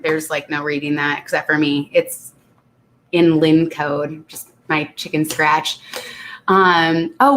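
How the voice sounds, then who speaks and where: A woman's voice: fairly low pitch, fairly bright tone, a little hiss or hum. A woman hosting a casual live stream, reading viewer comments aloud and chatting with frequent laughter, a little congested. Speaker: channel host reading live chat.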